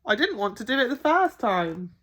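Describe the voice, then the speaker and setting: A woman voicing a cheerful cockney male burglar in a read-aloud storybook, with a bright, bouncy delivery and slang. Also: a little high, sing-song, normal speed, husky, voice pushed up, heavily acted. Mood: chirpy.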